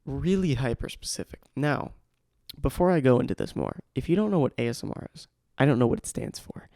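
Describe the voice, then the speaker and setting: Gravelly young podcast host rambling. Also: male voice, medium pitch, fairly quick, warm tone, dry recording, clean studio sound. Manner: rambling and self-mocking, with tangents. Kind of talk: casual solo podcast talk. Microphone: studio microphone.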